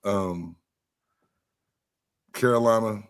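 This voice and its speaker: A man on a sports roundtable panel, talking casually in a relaxed, joking way. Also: lowish voice, very slow, a little hiss or hum. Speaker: podcast panelist.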